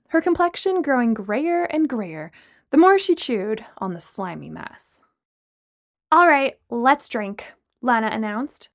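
A woman reads a first-person story aloud in a somewhat high voice. Her pitch rises and falls expressively from line to line. The recording is close and dry. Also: dry recording. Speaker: audiobook narrator.

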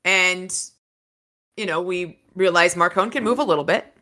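A woman hosting a casual podcast, recapping a novel with eager, profane enthusiasm. Her voice sits low and comes across forceful and sharp. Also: a little fast. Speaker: podcast host. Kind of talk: casual book discussion and reading aloud.

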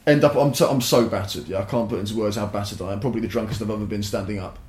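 A man's voice: on the low side, racing, darkish tone. A young man, telling a rambling, sweary story as a podcast guest. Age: young adult. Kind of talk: casual storytelling. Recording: roomy echo.

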